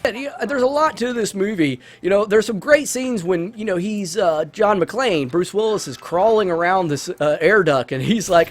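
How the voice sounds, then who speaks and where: A man's voice: high voice, normal speed, hardly any pauses. A man hosting a let's-play, chatting casually through a movie review in a rambling way with many restarts.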